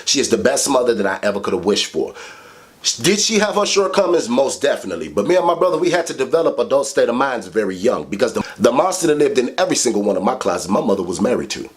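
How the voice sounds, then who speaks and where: A man telling a childhood story to camera in a casual, animated way, swearing heavily. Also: fast. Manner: animated, profane, heavy swearing; big swings in pitch for emphasis. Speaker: vlogger.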